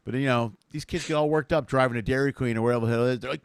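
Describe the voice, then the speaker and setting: A man hosting a casual comedy chat, animated and foul-mouthed, acting out little bits as he goes. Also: medium pitch, fast, gravelly, no echo, studio quality. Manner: animated, swears freely, acts out bits. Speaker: host.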